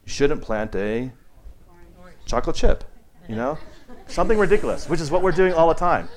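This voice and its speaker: A man's voice: on the high side, big pitch swings, moderate pace. A man giving a casual meditation teaching to a group, talking in a rambling way with many restarts and fillers, and acting out the people he quotes.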